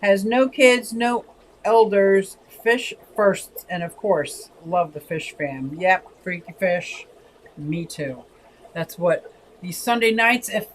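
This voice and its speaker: A livestream host from Pennsylvania, USA, a woman over sixty, reads viewer comments and talks in a chatty, expressive way that often swings between soft and lively. Her voice is lowish, and the rough recording has a little background noise.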